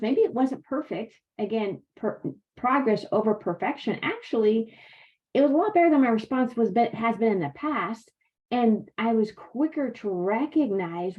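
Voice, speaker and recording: A middle-aged woman giving a faith-based motivational wellness talk, speaking straight to her viewers. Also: fairly high pitch. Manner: faith-based, encouraging, addresses viewers as "you guys". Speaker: wellness coach. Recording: slightly dull lo-fi sound.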